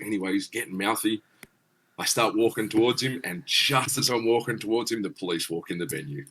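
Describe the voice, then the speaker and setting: A middle-aged man chats bluntly as a podcast guest and swears freely as he tells his stories. His voice sits on the low side and has a husky, breathy grain. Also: a little fast, fairly bright tone. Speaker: guest musician. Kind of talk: casual storytelling.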